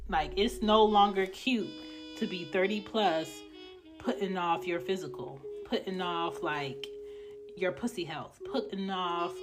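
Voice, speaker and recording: A woman hosting a podcast on her own, giving a blunt, profane pep talk in a casual way. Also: fairly low pitch. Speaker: podcast host.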